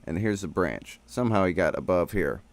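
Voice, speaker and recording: A man with a deep, low voice talks loosely through an episode recap, swearing and riffing as he goes. The sound is close and dry, with almost no room around it. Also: lively intonation, a little fast, dry recording. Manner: slangy, profane, rambling. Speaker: streamer.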